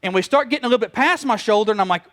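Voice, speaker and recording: A middle-aged pastor, preaching a sermon, telling stories and acting out quoted voices in an animated way. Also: male voice, high voice, very fast.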